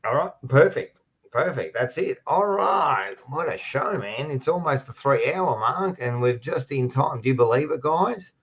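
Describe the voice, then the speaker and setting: A man's voice: mid-range voice, lively intonation, measured pace. Blokey Australian man hosting a footy show. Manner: loud, blokey, swears freely. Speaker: host. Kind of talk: casual chat. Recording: dull lo-fi sound.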